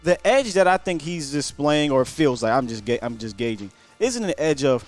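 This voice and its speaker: Dude hosting a call-in show, casual slang, stammers a bit, faint music behind. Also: male voice, a little high, lively intonation, moderate pace, few pauses. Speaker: host. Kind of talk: live call-in sports talk show.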